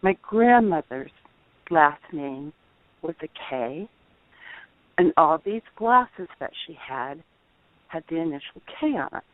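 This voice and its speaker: A middle-aged woman calling in, telling a personal testimony in an earnest, halting way, over the phone. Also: deep voice, lively intonation, no room sound. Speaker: caller. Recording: tinny dry phone line.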